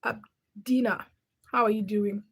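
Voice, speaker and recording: A woman's voice: medium pitch, steady tone, a little slow, vocal fry, slightly rough. A young woman from Uganda hosting a casual livestream, reading viewer comments by name and teasing them. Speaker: livestream host.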